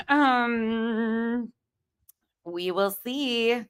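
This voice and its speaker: A woman's voice: a little high, extremely slow, clean tone. A woman hosting a casual chat, sarcastic and swearing freely as she reacts. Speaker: host reacting to a video call.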